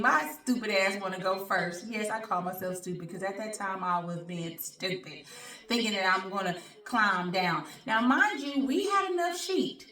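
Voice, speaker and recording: Bright-voiced woman telling a story, roomy sound. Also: medium pitch. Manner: animated, talks straight to the audience, colloquial. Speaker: show host. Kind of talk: personal storytelling to camera. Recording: roomy sound, distant from mic.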